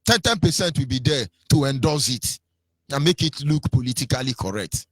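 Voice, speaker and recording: A man's voice: medium pitch, lively intonation, moderate pace, fairly bright tone, breathy edge, dry recording. A Nigerian man with a Nigerian accent giving an impassioned political radio talk, mocking and sing-song, his voice swinging between rises and drops. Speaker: radio commentator.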